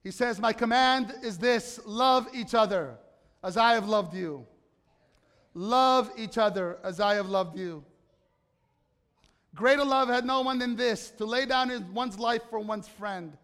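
A man preaching a sermon as pastor, animated, swinging between loud urgency and quiet hushed stretches. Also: high-pitched, a little slow, big-room sound. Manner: animated preaching, shifts from loud excitement to soft hush. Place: church sanctuary.

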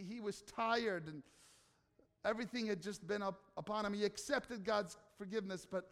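A pastor preaches emphatically in a high voice, posing rhetorical questions and moving between soft, slow passages and loud declarations. A long reverb tail follows his words.

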